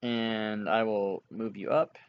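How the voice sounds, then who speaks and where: A man serving as game master for a tabletop game narrates haltingly, leaning heavily on fillers and chuckling at his players. His voice is lowish with fairly even intonation, and the sound is lo-fi.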